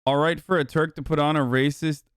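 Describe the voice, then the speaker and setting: A man's voice: a little high, flat delivery, a little fast, smooth, no room sound, studio quality. A man giving casual live-stream commentary, blunt and offhand and swearing freely, into a desk microphone. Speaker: livestreamer.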